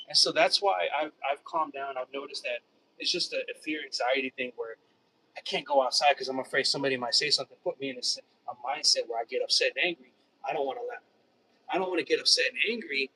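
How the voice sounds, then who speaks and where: A man's voice: medium pitch, expressive, fast, bright, forceful tone, recorded from a distance, slight background noise, rough recording. A man vlogging in a casual, rambling monologue. He repeats himself often and calls the listener dude. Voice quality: repetitive, restarts phrases, says "dude".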